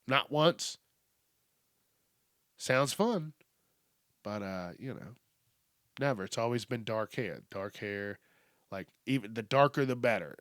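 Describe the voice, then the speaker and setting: A man's voice: medium pitch, a bit bright, dry recording, clean studio sound. A man hosting his own podcast, rambling casually and profanely, amused at himself. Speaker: podcast host. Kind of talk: casual solo rant.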